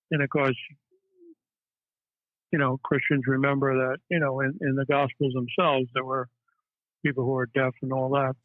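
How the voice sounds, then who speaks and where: A man, a psychiatrist guest, telling stories in a halting way with many fillers. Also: mid-range voice, no room sound. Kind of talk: casual interview storytelling. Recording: tinny phone-line audio, dry.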